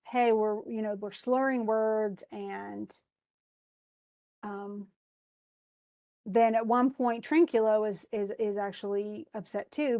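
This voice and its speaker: A woman's voice: medium pitch, darkish tone, lo-fi sound. A woman teaching, casually retelling a play and paraphrasing it in modern everyday speech. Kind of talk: casual literature lesson.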